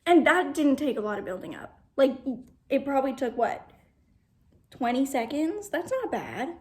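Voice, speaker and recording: A woman's voice: sits high, very animated, moderate pace, darkish tone. A young woman reviewing makeup in a casual vlog at home, gushing and often dropping to a whisper. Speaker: beauty vlogger. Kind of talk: makeup first-impressions vlog. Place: home, at a mirror.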